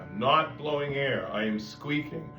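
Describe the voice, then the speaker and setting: A man's voice: mid-range voice, lively intonation, unhurried, pushed and bright, soft background music. A man giving a voice lesson, explaining step by step and breaking off to demonstrate vocal sounds. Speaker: voice teacher. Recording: roomy sound, mic at a distance, faint background noise.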